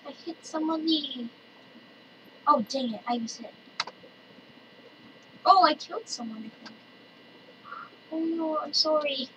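A woman chatting excitedly through her own gameplay and calling out to other players. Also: high-pitched, unhurried, long pauses. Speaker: let's-play gamer. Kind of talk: casual gameplay commentary. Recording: distant mic with loud noise.

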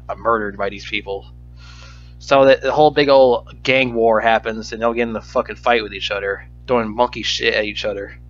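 A man's voice: on the low side, a bit bright. A man giving a profane, exasperated movie review rant, full of stammered restarts. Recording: dull lo-fi recording with faint music.

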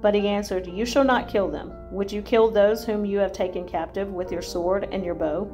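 A woman in the role of Bible reader, doing a scripted scripture reading in a measured, even-paced way. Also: medium pitch. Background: faint instrumental music.

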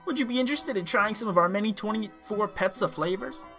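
Man putting on a peppy pizza mascot, pitched up, salesy game voice. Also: brisk, bright, forceful tone, soft background music. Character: cheery pizza mascot monster.

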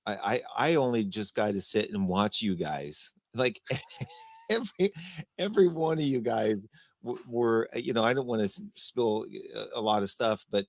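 A man hosting a casual conversation, talking in a halting way and often restarting his sentences. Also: on the low side, dry recording, clean studio sound. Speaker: host.

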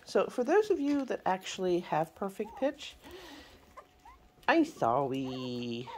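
A woman's voice: fairly low pitch, huge pitch swings, slow, darkish tone. A woman breeder narrating a casual vlog, switching between plain explanation and sing-song baby talk to her puppies. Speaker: dog breeder.

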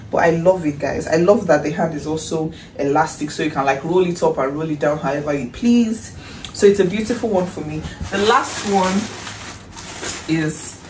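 A woman with a Nigerian accent chatting in a casual haul vlog, excitable and gushing, breaking into shrieks and breathy exclamations. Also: deep voice. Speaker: vlogger. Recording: echoey room, distant mic, faint hiss.

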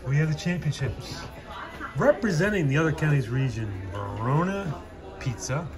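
Man, food-review host, slightly high voice, jokey announcer delivery, music underneath. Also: expressive, normal speed. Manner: upbeat, joking, announcer-style. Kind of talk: casual food-review chat.

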